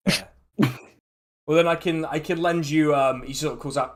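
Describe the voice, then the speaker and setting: A man running a tabletop game as dungeon master, relaxed and laughing, with many fillers. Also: fairly high pitch, moderate pace.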